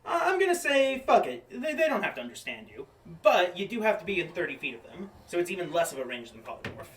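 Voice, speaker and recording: A man narrates a tabletop game as game master, checking rules aloud in a casual way. His voice is bright and forward. He sits away from the mic in an echoing room. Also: fairly high pitch, big pitch swings, fast talker, slight background noise. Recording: roomy room, distant mic.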